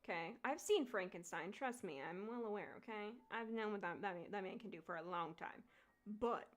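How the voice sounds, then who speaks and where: A woman in her twenties chatting casually while playing a game, swearing freely and laughing often, reading game lines aloud quietly. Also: medium pitch, expressive, moderate pace. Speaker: streamer.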